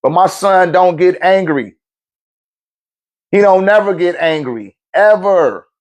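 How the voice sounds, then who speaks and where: A man's voice: sits high, expressive, takes it slowly, highs cut off. A middle-aged man in a laid-back, slangy storytelling monologue, chuckling often. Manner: laid-back slang, frequent chuckles, acts out quoted voices. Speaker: spiritual talk show host.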